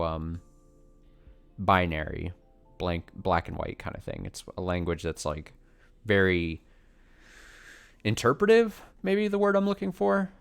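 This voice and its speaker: A man's voice: sits low, a bit bright. A man chatting casually while streaming a game, rambling and self-deprecating, answering viewer questions with a chuckle. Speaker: let's play streamer. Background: faint game music.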